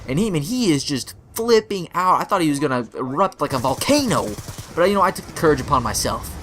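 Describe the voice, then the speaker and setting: A young man hosting a gaming channel, telling a story over gameplay commentary and acting out the quotes with sudden jumps in pitch. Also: animated, fast, fairly bright tone, slight background noise.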